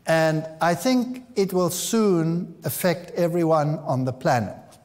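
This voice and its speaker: A man's voice: on the high side, lively intonation, slow pace, a little mellow, long reverb tail. A man preaching a sermon, reading scripture aloud with dramatic emphasis and a touch of dry humor.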